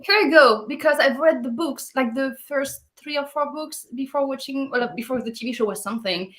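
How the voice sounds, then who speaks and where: A woman co-hosting a casual book chat, giving animated opinions in quick asides. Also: high-pitched.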